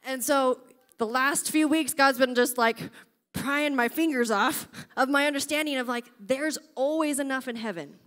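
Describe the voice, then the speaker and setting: High-voiced woman preaching with animated energy. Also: moderate pace. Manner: animated storytelling, often checks in with "okay?". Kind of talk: sermon. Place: church.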